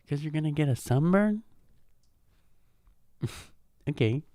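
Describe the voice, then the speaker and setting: A man's voice: on the high side, animated, a little slow, dark tone, dry recording, studio quality. A man hosting a podcast, riffing in a mocking, profane way and laughing at his own jokes. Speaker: podcast host. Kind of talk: casual comedic monologue. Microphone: podcast microphone.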